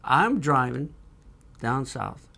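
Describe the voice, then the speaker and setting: A man co-hosting a casual talk show, telling an anecdote in an animated way and putting on the voices of the people in it. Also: mid-range voice, slow, gravelly. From California. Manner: animated storyteller who acts out the voices in his anecdotes. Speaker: co-host. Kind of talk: casual storytelling chat. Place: studio.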